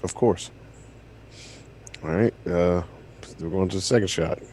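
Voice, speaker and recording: A man's voice: low voice, unhurried, dark tone, a little hiss or hum. A man playing in a tabletop game, talking through his moves in an easygoing, wry way. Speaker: player. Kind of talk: casual tabletop game chat.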